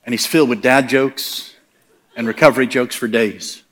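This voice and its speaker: Brief: middle-aged male preacher, mid pitch, lively storyteller who laughs through his sermon. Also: normal speed. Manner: animated, laughing, plain-spoken.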